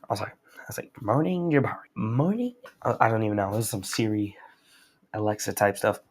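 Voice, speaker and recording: A man's voice: on the low side, flat delivery, fast. A young man recapping a story in a rambling, slangy, casual manner. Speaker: host.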